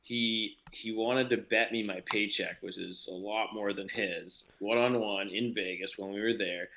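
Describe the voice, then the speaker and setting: A man's voice: lowish voice, steady tone, unhurried, vocal fry, sharp tone, a little hiss or hum, low-quality recording. A man co-hosting a casual podcast as a hockey coach, telling stories with teasing bravado.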